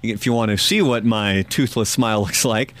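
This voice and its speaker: A man's voice: on the low side, normal speed, dry recording. Dry-humored man hosting morning radio. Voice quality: slight lisp from a missing tooth. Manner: dry, self-deprecating, chuckles often. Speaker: radio morning show host. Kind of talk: casual morning radio banter.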